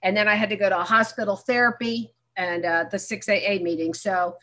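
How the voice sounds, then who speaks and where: Bright-voiced woman telling her story frankly. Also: mid-range voice, fairly even intonation, a little fast. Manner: frank storytelling, acting out remembered dialogue with self-mocking humor. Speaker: speaker sharing her story at a recovery meeting. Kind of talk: candid personal testimony.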